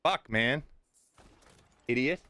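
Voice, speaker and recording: A man's voice: mid-range voice, animated, slow pace, bright, forceful tone, dry recording. Profane middle-aged man ranting on stream. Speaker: game streamer. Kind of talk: live gameplay stream, talking to chat.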